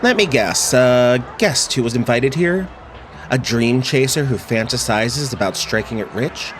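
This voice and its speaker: A man's voice: medium pitch, lively intonation, unhurried, fairly bright tone, slight background noise. A man reading a sly, polished journalist. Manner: polished, teasing, theatrical. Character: smooth, sly investigative journalist.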